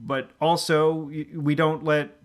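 A man co-hosting a casual comedy podcast, speaking in an earnest, halting way with swearing mixed in. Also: on the high side, level tone. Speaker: podcast co-host.

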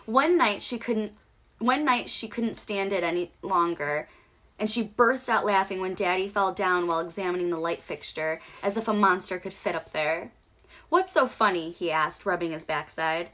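A woman's voice: mid-range voice, moderate pace, a bit bright. A woman co-hosting a podcast, reading a short horror story aloud in a casual, giggly way. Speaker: podcast co-host.

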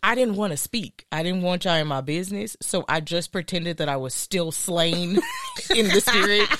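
A woman's voice: lowish voice, lively intonation, normal speed, fairly bright tone. A woman co-hosting a casual chat podcast, telling stories playfully and laughing often. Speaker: podcast co-host.

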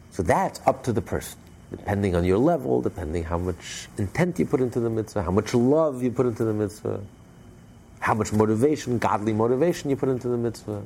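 A man with a gravelly, dark voice teaching a religious class. He tells his story with animation and stops often to restart his sentences. Faint noise sits under the recording. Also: on the low side.

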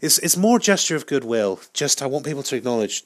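Deadpan man rambling solo. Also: medium pitch, quick pace. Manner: deadpan, self-mocking, hesitant with many restarts. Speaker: podcast host. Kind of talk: rambling solo comic monologue.

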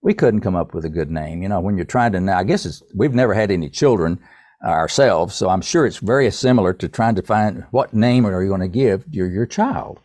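An older man tells a story from his past as a podcast guest. He sits low in his range and speaks in an easygoing, folksy way. The sound is dry and close, with no room around it. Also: lively intonation, darkish tone, no room sound. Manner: folksy, unhurried, addresses the host by name. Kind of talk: casual storytelling.

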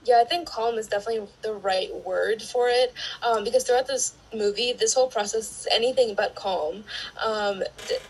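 A woman guest on a podcast, giving thoughtful views on a film with frequent filler pauses. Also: on the high side, darkish tone, breathy edge, rough recording. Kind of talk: casual film discussion.

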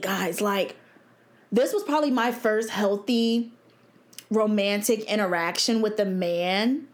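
A young woman, hosting her own podcast in a blunt, chatty way and laughing often. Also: mid-range voice. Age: 20s. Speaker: podcast host. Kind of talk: casual solo podcast talk.

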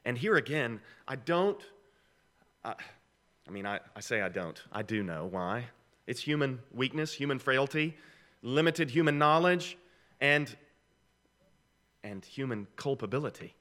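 Bright-voiced man preaching a sermon. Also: medium pitch, expressive, unhurried, long pauses. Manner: conversational, emphatic preaching with rhetorical questions. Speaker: pastor.

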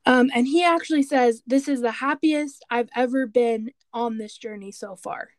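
A woman co-hosting a podcast, chatting casually and retelling scenes with animated quoted voices. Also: fairly high pitch, normal speed, no room sound. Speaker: podcast co-host. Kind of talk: casual chat recapping a TV show.

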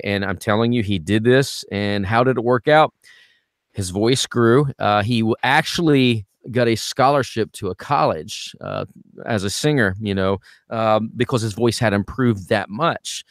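A man's voice: fairly low pitch, moderate pace, no echo, studio quality. A middle-aged man, a vocal coach co-hosting a podcast, telling stories in a rambling, casual way and often stumbling over repeated words. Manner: rambling storyteller, repeats words when starting sentences.

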